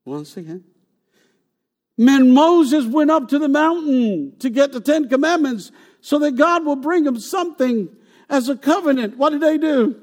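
A man preaching a sermon in a high voice. He moves between loud, rising emphasis and quiet asides. He keeps asking rhetorical questions and repeating words for weight. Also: expressive, measured pace. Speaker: pastor.

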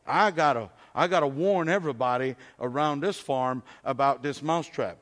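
A man's voice: medium pitch, moderate pace, fairly bright tone, lightly acted. A man voicing a frightened little male mouse who hurries to plead urgent warnings, as a story inside his sermon. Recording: long hall reverb.

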